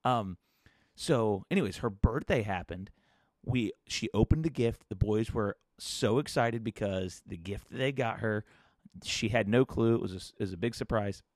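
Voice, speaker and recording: A man in his thirties hosting a solo podcast, telling family stories in a relaxed way with fillers, and whispering when he quotes someone. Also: fairly low pitch, normal speed, no room sound, clean studio sound. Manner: casual storytelling with fillers and restarts, sometimes whispering quotes. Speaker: podcast host.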